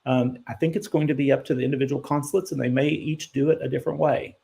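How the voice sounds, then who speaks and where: A man's voice: medium pitch, fairly even intonation, fast talker, gravelly, dark tone. A man hosting a live immigration Q&A, answering viewer questions in a conversational way, thinking aloud with ums and self-corrections, and turning blunt when he corrects misconceptions.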